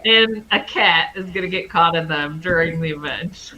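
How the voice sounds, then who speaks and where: A woman interviewer chatting playfully on a video call, quick to laugh. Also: on the low side, pushed and bright, a little hiss or hum, rough recording. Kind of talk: casual conversation.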